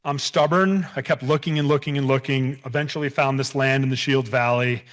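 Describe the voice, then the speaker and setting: A man's voice: mid-range voice, steady tone, brisk. A man in his thirties, a bison rancher giving a public talk, earnest and prone to restarts and repeated words. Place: event hall.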